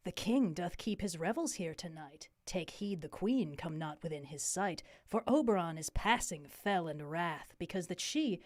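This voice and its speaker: Mischievous male sprite, low and hushed, conspiratorial; a woman voices him. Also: animated, normal speed, few pauses, no room sound, clean studio sound, lightly acted. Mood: sly.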